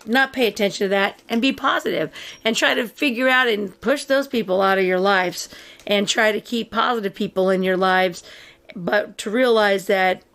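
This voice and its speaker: A woman co-hosting a laid-back podcast with a voice pitched a bit high. She rambles, restarts her sentences and slips into sarcasm, with laughter never far off. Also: a bit bright. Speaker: podcast co-host. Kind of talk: casual podcast chat.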